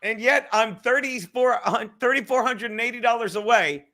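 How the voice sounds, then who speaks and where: Male stream host, high bright voice, profane and rambling. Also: moderate pace. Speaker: livestream host. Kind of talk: livestream chat.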